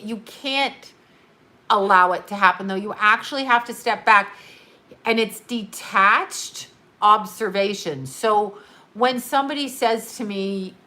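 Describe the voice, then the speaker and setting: A woman's voice: mid-range voice, fairly bright tone. A woman hosting a casual livestream as a psychic medium, talking bluntly with profanity and breaking off to answer viewer comments. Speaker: psychic medium and channel host.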